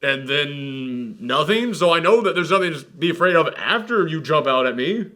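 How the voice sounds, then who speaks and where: A man hosting a casual film review podcast, talking in an animated, sarcastic and mock-dramatic way. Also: on the high side, normal speed.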